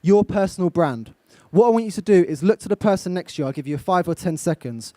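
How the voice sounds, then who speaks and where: Young man coaching an audience, dark voice. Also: high-pitched, animated, quick pace, no echo. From England. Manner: direct, coaching, asks the audience questions. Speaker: motivational speaker. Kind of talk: live motivational talk to a young audience. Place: event stage.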